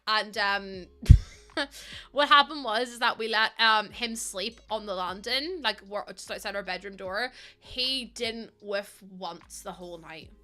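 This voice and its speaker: A woman's voice: mid-range voice, measured pace, sharp tone, soft background music. A pregnant woman, chatting casually and telling stories while streaming a game. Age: 20s. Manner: chatty storytelling with laughs and acted-out quotes.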